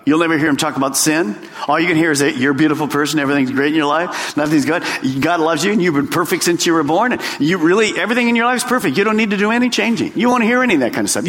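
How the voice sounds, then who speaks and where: A man preaching a sermon as a pastor, swinging between loud bursts and hushed lines. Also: fairly high pitch. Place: church sanctuary. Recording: long hall reverb.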